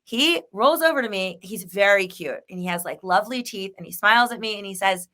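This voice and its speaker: Bright-voiced woman telling candid stories. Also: mid-range voice, brisk, hardly any pauses. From Denver area. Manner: candid, animated storytelling with laughs. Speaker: podcast co-host. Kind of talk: casual chat.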